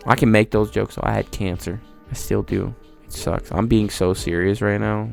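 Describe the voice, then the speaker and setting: A man's voice: fairly low pitch, steady tone, moderate pace, gravelly, darkish tone, faint music behind. A young man giving a profane, rambling comedic monologue with mock disbelief. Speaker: video creator.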